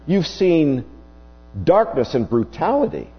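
A husky-voiced male preacher delivers a sermon at an unhurried pace, his pitch swinging widely for emphasis. The sound is dull and lo-fi, with a faint mains hum beneath it. A long reverb trails each phrase through the hall. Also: big pitch swings.

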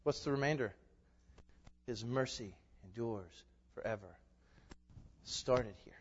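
A man preaching a sermon as pastor, emphatic, asking rhetorical questions and swinging between loud declarations and hushed asides. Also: mid-range voice, takes it slowly, slightly rough. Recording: echoey hall, dull lo-fi sound.

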